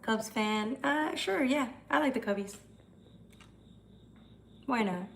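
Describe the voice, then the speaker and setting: A woman's voice: fairly high pitch, slow, gravelly, a little hiss or hum. Chatty woman hosting a livestream. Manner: chatty, swears, answers chat comments. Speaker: tarot livestream host. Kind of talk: casual livestream chat.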